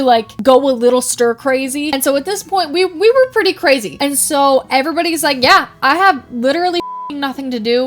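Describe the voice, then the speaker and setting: A young woman in casual, giggly, excitable commentary, chatting as a video creator. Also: high voice. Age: young adult.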